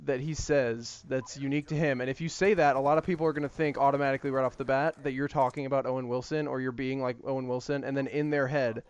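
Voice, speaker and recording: A man's voice: mid-range voice, fairly even intonation, quick pace, few pauses, clean tone. Brief: male gaming YouTuber, rambling filler-heavy commentary, muffled mic. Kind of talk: casual commentary over gameplay.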